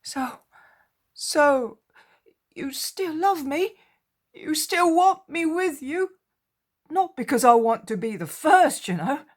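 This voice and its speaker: A woman's voice: high voice, animated, takes it slowly, long pauses, pitched above the performer's own voice. A woman voicing a remorseful grown fisherman apostle who pleads anxiously and tearfully. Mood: pleading.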